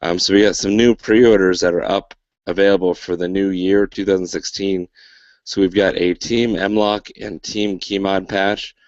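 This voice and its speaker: A man's voice: deep voice, little pitch movement, moderate pace, darkish tone, no room sound, muffled recording. A man hosting a casual podcast, talking loosely with lots of fillers and dry sarcasm. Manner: rambling, filler-heavy, wry sarcasm. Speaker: podcast host.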